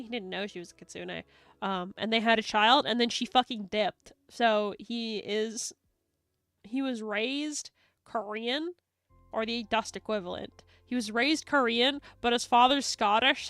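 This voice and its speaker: Bright, excitable woman streamer. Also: a little high. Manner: rambling, excitable, swears and giggles often. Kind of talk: casual stream chat.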